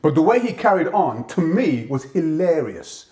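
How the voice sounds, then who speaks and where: A man's voice: fairly high pitch, very animated, normal speed, mellow. A man, a gospel comedy performer, reminiscing in an interview, reflective and given to restarting phrases.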